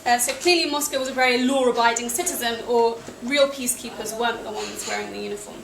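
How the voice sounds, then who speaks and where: Young English woman, high voice, dry self-mocking storyteller at a cafe event, roomy and noisy. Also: fast, gravelly. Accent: British English. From England. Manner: wry, self-deprecating, with small laughs. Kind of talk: personal travel story told to an audience. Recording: echoey cafe with noisy ambience.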